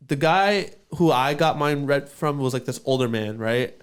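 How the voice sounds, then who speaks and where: A young man from Canada tells a story on a podcast in a loose, rambling way. He swears freely and pads his sentences with fillers. His voice sits at an ordinary, middle pitch. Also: normal speed, smooth. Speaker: podcast host. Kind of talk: casual storytelling.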